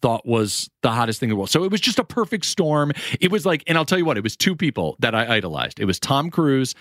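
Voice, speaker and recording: A man in his forties, a guest and actor, tells stories with lots of animation and slips into the voices of the people he quotes. He speaks at an average pitch, and his voice sounds dry and close, with little room sound. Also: quick pace, no echo. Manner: rambling animated storytelling, acts out quoted voices. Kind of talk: casual chat.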